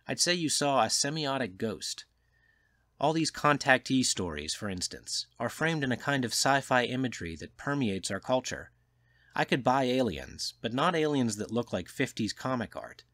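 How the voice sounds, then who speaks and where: A man's voice: mid-range voice, very animated, normal speed, fairly bright tone, no room sound, pitched above the performer's own voice. A man doing a wry, cynical journalist. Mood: explaining. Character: wry cynical male journalist, lecturing, worldly. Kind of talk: audiobook character voice.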